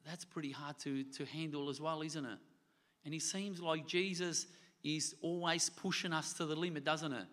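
A man's voice: fairly high pitch, fairly even intonation, normal speed, a bit bright. A man preaching a sermon to his church. He talks earnestly, repeats phrases and asks the congregation rhetorical questions. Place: church hall. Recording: long hall reverb.

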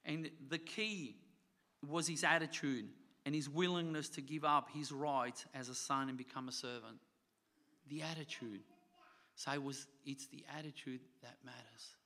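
A man's voice: medium pitch, steady tone, normal speed, sharp tone. A man preaching a sermon to his church. He talks earnestly, repeats phrases and asks the congregation rhetorical questions. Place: church hall. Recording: long hall reverb.

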